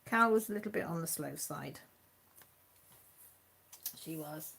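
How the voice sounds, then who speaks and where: A woman's voice: deep voice, expressive, measured pace, gravelly, fairly bright tone, a little hiss or hum. Chatty tired woman. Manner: chatty and rambling, with many restarts. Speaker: host of a live chat stream. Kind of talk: casual chat.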